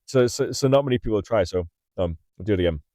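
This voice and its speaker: Low-voiced man rambling in his car. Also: animated, fast, background noise. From England. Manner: rambling, repeats words, laughs often. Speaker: livestream host. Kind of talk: casual storytelling chat. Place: in a parked car. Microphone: mic in the car.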